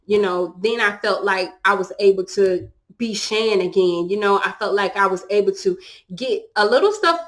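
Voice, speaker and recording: A young adult woman, sharing an emotional personal testimony in a halting way with many restarts. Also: mid-range voice.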